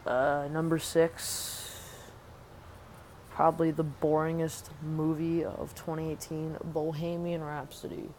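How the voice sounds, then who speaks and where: A woman's voice: deep voice, flat delivery, unhurried, darkish tone, slight background noise, low-quality recording. A young woman ranting sarcastically about movies in a rambling, casual way, full of "like". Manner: mocks movie characters in exaggerated voices. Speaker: movie reviewer. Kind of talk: casual movie review rant.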